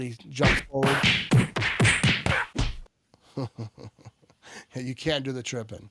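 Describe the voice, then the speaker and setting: A man hosting a live game watch party, switching between excited play-by-play calls and relaxed chat. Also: medium pitch, takes it slowly, pauses often, heavy background noise. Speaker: livestream watch party host.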